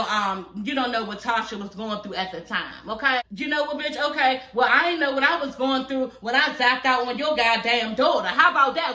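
A woman in her thirties hosts her own channel as a reality TV reviewer, ranting about a reality show in a sassy, profane, fired-up way. Her voice is high-pitched and bright with a forceful tone, and the sound is roomy. It's reaction commentary recorded at home at night.

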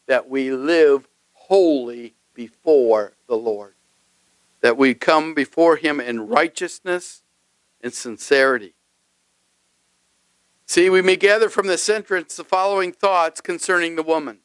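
A man's voice: fairly high pitch, takes it slowly, clean tone, dry recording, rough recording. A male pastor preaching a sermon emphatically, often putting questions to his congregation.

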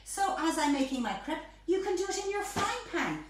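A woman's voice: extremely high pitch, very animated, brisk. A woman hosting a live home baking demonstration, chatting playfully as she cooks. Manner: chatty, playful, bubbly asides. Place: home kitchen. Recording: echoey kitchen, distant mic, faint noise.

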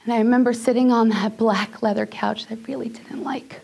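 A woman's voice: a little high, steady tone, brisk, gravelly, darkish tone. A woman giving a personal storytelling talk, emotional, sometimes dropping to a near whisper. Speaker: speaker.

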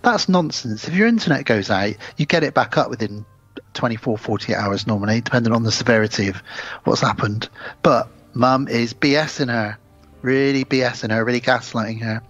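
A man co-hosting a podcast, retelling a film plot in a casual, animated way. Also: mid-range voice, brisk, lo-fi sound, faint music behind. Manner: animated storytelling. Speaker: podcast co-host. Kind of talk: casual chat.

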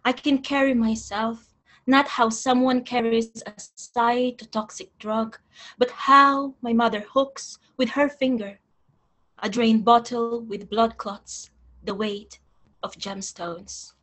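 A young woman reading her poetry aloud in a measured, deliberate way, then talking about her poems. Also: on the high side, steady tone, a bit bright. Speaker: poet reading her work. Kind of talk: poetry reading with spoken asides.

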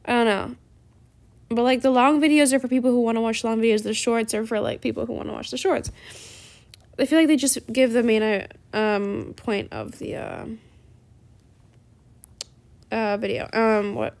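A woman's voice: on the high side, moderate pace, long pauses, darkish tone. Tired chatty teen girl gamer. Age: teens. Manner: chatty, lots of "like", sighing and tired. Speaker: gaming YouTuber. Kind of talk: casual gameplay chat.

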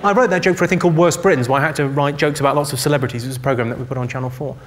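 Fast-talking deadpan stand-up man. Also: medium pitch. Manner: deadpan, quick one-liners, banters with audience. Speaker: stand-up comedian. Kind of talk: stand-up comedy set. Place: theatre stage before a laughing audience. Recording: live show with loud audience noise.

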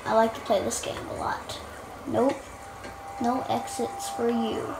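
A woman's voice: on the high side, level tone, unhurried, vocal fry, reverberant, noisy background. A young woman commenting on her own gameplay in a playful way, making silly rhymes and snapping at teammates when frustrated. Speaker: gamer. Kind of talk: let's-play commentary.

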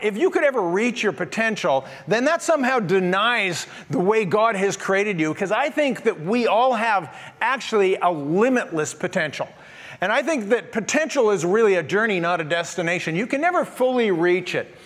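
A man's voice: high voice, a bit bright. A man in his sixties preaching a sermon as pastor, telling stories with self-deprecating humor. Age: 60s.

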